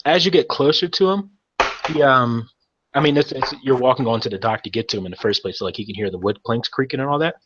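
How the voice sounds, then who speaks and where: A man's voice: mid-range voice, quick pace, noisy background. A man narrating as game master of a tabletop game, casual and rambling, often correcting himself mid-sentence. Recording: dull lo-fi recording.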